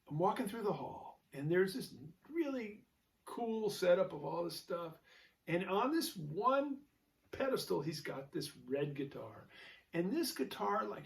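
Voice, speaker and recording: A man who is a jazz guitarist hosts his own show and tells a rambling story, chatting casually with many fillers and restarts. His voice is fairly high with vocal fry, and he sounds far from the mic.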